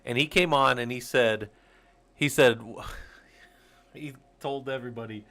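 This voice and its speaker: A man's voice: medium pitch, measured pace, bright, forceful tone. Rambling, laughing man chatting on stream. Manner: rambling, laughs often, swears casually. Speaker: host of a Linux user group stream. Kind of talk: casual livestream chat to viewers.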